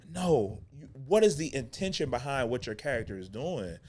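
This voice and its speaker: A man's voice: medium pitch, big pitch swings, moderate pace, hardly any pauses, darkish tone, a little hiss or hum. A middle-aged man hosting a talk show for actors, ranting with emphatic repeats and casual slang. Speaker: acting coach and podcast host. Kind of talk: unscripted talk-show rant.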